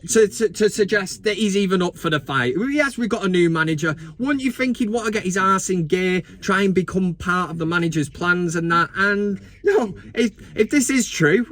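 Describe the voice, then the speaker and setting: Brief: male vlogger, fairly high voice, sweary jokey football rant in a van. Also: moderate pace, few pauses, a bit bright. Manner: sweary, joking, ranting. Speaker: football fan channel host. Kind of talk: casual live vlog chat. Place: inside a van.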